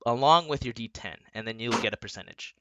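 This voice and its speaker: A man's voice: mid-range voice, fast, highs cut off, very noisy. A young man running a tabletop game as game master, narrating loosely with fillers and chuckles. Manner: loose and chatty, with fillers and laughs.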